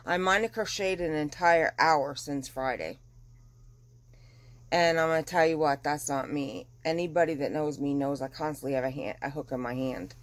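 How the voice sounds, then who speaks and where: A middle-aged woman vlogging at home in a casual chat, chatty and animated, getting over the flu. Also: low voice, moderate pace, no echo. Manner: chatty and animated, dramatic retelling. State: recovering from flu. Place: at home, windows open.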